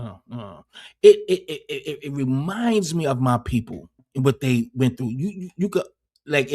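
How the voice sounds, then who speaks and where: A man's voice: fairly high pitch, a little mellow. A man hosting a casual livestream, rambling and swearing heavily, often repeating words as he talks. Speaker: livestream host.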